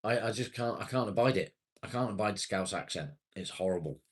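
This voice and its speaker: This English live streamer has a lowish, breathy-edged voice and speaks briskly. He rambles casually to viewers on his stream in a British accent, dropping the odd swear word.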